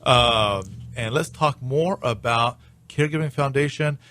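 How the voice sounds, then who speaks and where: A man's voice: mid-range voice, a little slow, pushed and bright, dry recording. A man hosting a radio talk show, chatty and playful, with joking asides to his listeners.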